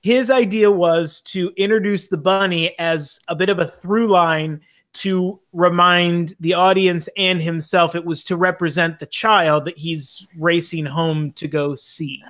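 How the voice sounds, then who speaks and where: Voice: mid-range voice, fairly even intonation, a little slow, fairly bright tone. A podcast co-host chatting casually in a movie review, rambling with many restarts.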